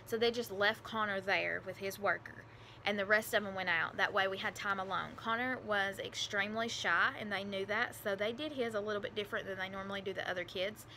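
A vlogger tells her camera the story of her adoption in a bright, forward voice of medium pitch. Her telling is emotional and rambling, packed with fillers and restarts, yet her tone stays steady and her pace brisk. A faint hiss runs beneath the recording.

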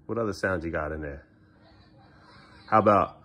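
A man's voice: deep voice, fairly quick, pauses often. A father vlogging at home in his kitchen, talking casually and playfully to his young sons, often slipping into sing-song baby talk. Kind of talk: casual home vlog chat with his children.

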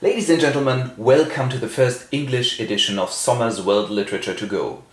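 A man from Germany with a German accent, hosting a comic literary summary with wry, deadpan asides. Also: lowish voice, fairly quick, reverberant. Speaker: host and narrator.

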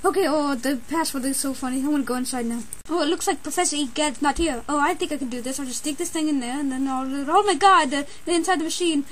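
A woman with a very high, sharp voice gives every character in a homemade animation her own lines. She is excitable, hopping between put-on voices and breaking into shrieks and shouts. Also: quick pace, few pauses, a little hiss or hum. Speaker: amateur voice performer.

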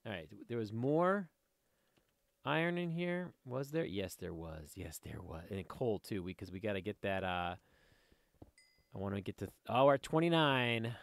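A man's voice: on the low side, moderate pace, creaky, dry recording. A man giving casual, rambling commentary while playing a game, easily sidetracked and chatting to viewers and to the creatures on screen. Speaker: let's play host.

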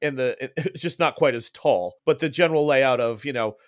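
Brief: male game master, mid-pitched, rambling and halting, dry close sound. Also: no echo. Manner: rambling, halting, many restarts. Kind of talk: narrating a tabletop game.

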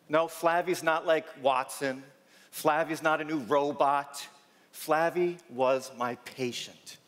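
A man's voice: fairly high pitch, fairly bright tone. A man, a doctor, telling a story in a keynote talk with punchy, dramatic repeated lines. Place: large conference hall. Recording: long reverb in a big hall.

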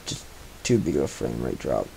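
Low, gravelly, slow-talking man. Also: sing-song, mellow, a little hiss or hum, poor audio. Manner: mumbling, grumbling to himself with frustrated asides. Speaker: gaming commentator. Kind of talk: live gameplay commentary. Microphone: cheap replacement microphone.

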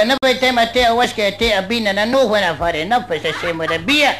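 A man's voice: sits high, very fast, rough recording. A Scottish man doing live stand-up comedy, telling rambling anecdotes with "you know" thrown in. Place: nightclub stage before a live audience. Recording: old live club recording, loud crowd and noise. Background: audience laughter.

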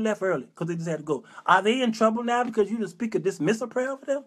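A middle-aged man with a notably high speaking voice hosts his own show and rants in a lively comic tirade. He leans into exasperated, preacher-like rhetorical questions and a relaxed, drawling vernacular, his pitch leaping up and dropping low as he goes. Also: quick pace, hardly any pauses. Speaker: show host. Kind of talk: comic rant on a talk show.

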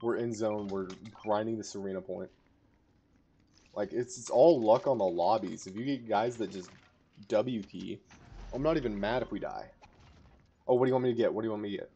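A young man giving casual live commentary to a teammate while playing a battle royale game, rambling one moment and shouting callouts the next. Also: lowish voice, a little fast, long pauses, breathy edge. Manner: casual, rambling, bursts into excited shouting in fights. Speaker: gamer streamer.

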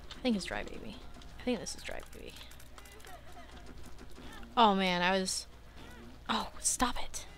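A young woman hosting a let's play, chatting to the game as she plays, animated and quick to swear. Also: mid-range voice. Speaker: gaming channel host.

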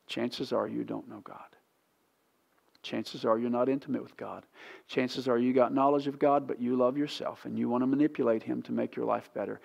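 A pastor preaching a sermon in a church sanctuary, pleading and impassioned, swinging from hushed to loud. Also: male voice, mid-range voice, vocal fry, dull audio.

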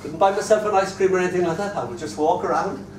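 A man's voice: high voice, quick pace. Chuckling Irish poet in his sixties. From Ireland. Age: 60s. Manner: animated, chuckling storyteller who recites verse. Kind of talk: live poetry reading with storytelling. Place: hotel room at a poetry festival. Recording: echoey room, distant mic, noisy.

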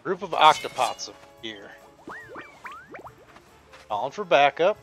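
A man's voice: fairly high pitch, big pitch swings, slow, fairly bright tone, faint music behind, low-quality recording. A man casually commenting as he plays a video game, thinking aloud and reading the on-screen text. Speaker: gameplay host. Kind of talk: casual let's-play commentary.

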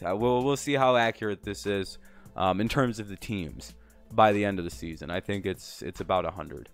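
A man's voice: on the low side, moderate pace, faint music behind. A man casually talking through his sports predictions as a channel host, rambling with many fillers and some swearing, a bit out of breath. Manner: rambling, lots of fillers and profanity.

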